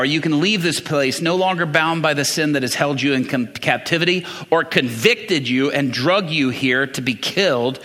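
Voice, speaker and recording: A man's voice: fairly high pitch, bright, forceful tone, in a large hall. A man preaching a conversational sermon, quizzing the congregation as he works through Bible passages.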